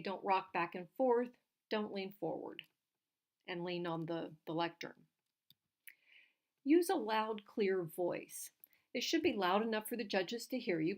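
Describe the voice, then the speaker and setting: A woman, a legal writing instructor, giving clear, direct numbered tips on oral argument. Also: mid-range voice.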